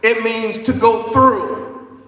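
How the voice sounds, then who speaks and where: Man, sermon, emphatic and repetitive, very high voice, roomy echo. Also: steady tone, takes it slowly. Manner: emphatic, repetitive, rising to shouts. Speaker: preacher. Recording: echoey hall, far from the mic.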